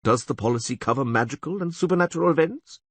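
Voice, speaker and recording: A wistful elf, voiced by a man, speaks in a calm, quiet and wry way. The voice stays husky and close to the narrator's own. The audiobook recording is dry. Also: fairly high pitch, quick pace, dry recording, voice pushed up. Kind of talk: audiobook character voice.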